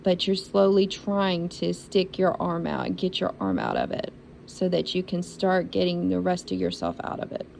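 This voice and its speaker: A woman's voice: fairly low pitch, big pitch swings, moderate pace, gravelly, a little mellow, a little hiss or hum, poor audio. A woman giving a spiritual reading for zodiac signs, talking in an encouraging, repetitive and emotional way. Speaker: intuitive reader.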